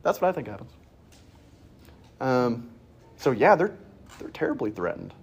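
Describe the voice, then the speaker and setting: A man teaching a casual Bible class in a church classroom, joking and animated, his voice jumping high when he makes a point. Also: a little slow, vocal fry, breathy edge.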